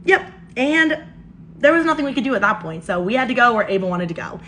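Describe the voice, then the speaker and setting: Bright, high-voiced young woman telling a story. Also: quick pace, a little hiss or hum. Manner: animated, exasperated storytelling. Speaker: vlogger. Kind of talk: storytime while doing makeup.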